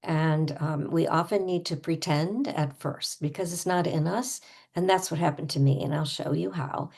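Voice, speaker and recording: A woman coaching a guided tapping lesson, calmly naming tapping points and voicing frustrated phrases for listeners to repeat. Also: deep voice, moderate pace, gravelly, breathy edge. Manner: calm instructional, with acted frustrated tapping phrases.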